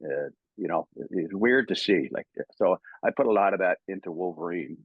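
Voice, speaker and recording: A man's voice: low voice, moderate pace, slightly rough, no echo, phone-quality sound. An older Canadian man telling stories in a casual interview, laughing often and stammering as he acts out old quotes. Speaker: voice actor guest.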